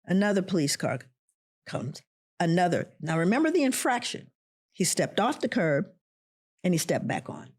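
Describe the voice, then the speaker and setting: Guest spot: middle-aged woman, husky, lowish voice, lively storyteller. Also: normal speed. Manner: animated, voices the people in her story. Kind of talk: personal storytelling.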